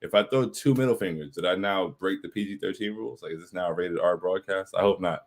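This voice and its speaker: A man's voice: low voice, quick pace. A man hosting a casual livestream chat, reading viewer comments and answering in an emphatic, slangy way. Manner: hype, emphatic, repeats phrases, slangy.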